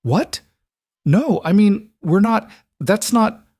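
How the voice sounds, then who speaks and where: A man voicing a tender, weary widowed mother in a western story, speaking softly. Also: mid-range voice, animated, normal speed, no echo, studio quality, natural voice. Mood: flustered.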